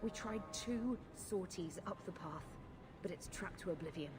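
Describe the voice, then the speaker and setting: A woman's voice: on the low side, lively intonation, moderate pace, over music, close to an everyday voice. An actress playing a weary female guard lieutenant in a video game, giving blunt, urgent orders. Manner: blunt, urgent military briefing. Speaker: game character. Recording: game audio with background noise.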